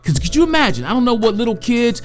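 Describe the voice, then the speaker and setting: A woman giving a motivational talk to parents and educators, conversational, slowing down to draw out key phrases. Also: fairly high pitch, sing-song, soft background music.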